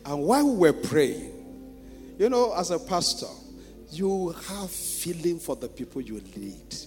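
A man with a Nigerian accent preaching a sermon as pastor, asking the congregation rhetorical questions and swinging between hushed storytelling and loud shouting. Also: on the high side, very animated, unhurried. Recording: reverberant church hall with music.

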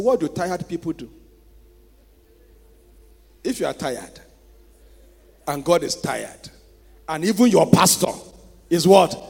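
A Nigerian-accented pastor delivers his sermon with a slightly high, gravelly, husky voice, asking rhetorical questions and shifting from hushed tales to loud shouting. Music and reverb fill the church hall.

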